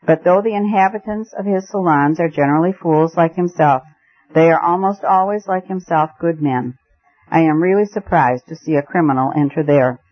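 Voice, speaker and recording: A man's voice: on the high side, normal speed. Man narrating a classic story, muffled. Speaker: audiobook narrator. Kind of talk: scripted narration. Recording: muffled lo-fi recording.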